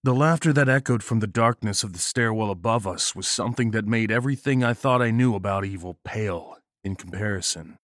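Low-voiced man narrating a grim horror tale. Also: dry recording, studio quality. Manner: grim, measured storytelling. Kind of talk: first-person horror story narration.

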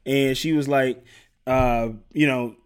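A man casually recapping a TV episode with a co-host, acting out the characters' lines in animated bursts. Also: medium pitch, takes it slowly, smooth. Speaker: podcast co-host recapping a TV show. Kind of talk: casual chat.

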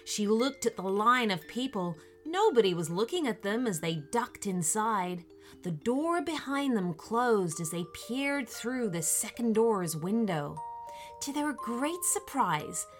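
A woman reading a children's story aloud in a gentle, expressive way, with faint music behind her. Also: fairly high pitch. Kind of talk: scripted children's story narration.

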